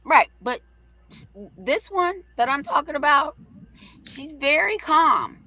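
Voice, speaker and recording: A middle-aged woman hosting a livestream, telling a story in a brash, profane, animated way. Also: sits high, slow, low-quality recording. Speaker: host.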